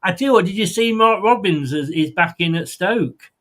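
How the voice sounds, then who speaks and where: Brief: male football show host, casual, rambling, full of ums and restarts, voice a touch high. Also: lively intonation, moderate pace, fairly bright tone. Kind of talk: casual chat.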